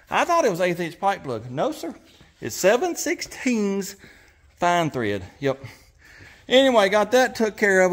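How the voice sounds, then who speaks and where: Man, garage vlog host, breathy, lively pitch, talks in a folksy ramble. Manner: folksy drawl, rambling and self-deprecating. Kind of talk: casual workshop vlog. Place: home garage.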